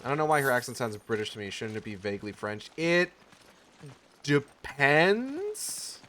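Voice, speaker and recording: A man's voice: mid-range voice, big pitch swings, a little slow, bright, forceful tone, a little hiss or hum. A man casually commenting while streaming a video game, swearing often and mocking himself as he plays. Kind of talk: let's play commentary. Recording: game music behind.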